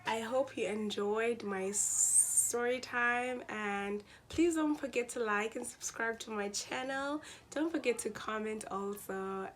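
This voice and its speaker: Speaking slowly with few pauses, her voice a little high, a young Xhosa-accented South African woman shares a personal story on her channel. She animatedly switches into other people's voices and slips in Xhosa, with slight hiss or hum in the background.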